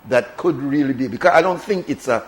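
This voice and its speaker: A man's voice: fairly high pitch, fairly quick, slight background noise, low-quality recording. Belizean man hosting a radio show. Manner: conversational, emphatic with repetition. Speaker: radio talk show host. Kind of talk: casual radio chat.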